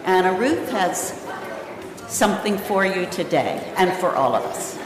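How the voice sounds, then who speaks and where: A woman worship leader inviting the children forward, in a measured, formal announcing voice. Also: lowish voice, animated, a crowd in the background. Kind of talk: liturgical announcement. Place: church sanctuary. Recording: echoey church from far off, congregation.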